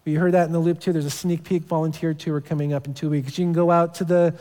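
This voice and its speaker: A man in his thirties, a pastor, preaches in a church sanctuary, telling stories casually and often starting his phrases over. His voice is fairly high, warm and level, and he talks quickly. The recording carries the long reverb of a church hall.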